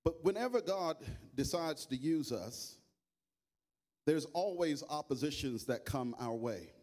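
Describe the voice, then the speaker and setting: A bishop preaching to a church congregation, singing worship lines and leading the room in call and response. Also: male voice, animated, a little mellow. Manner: sings with long drawn-out high notes. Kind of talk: worship singing then sermon. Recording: live church mic with music behind.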